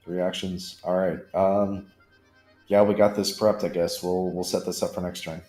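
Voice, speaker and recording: Deep-voiced player in a roomy space. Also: male voice, flat delivery, moderate pace, darkish tone, soft background music. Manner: casual, thinking aloud.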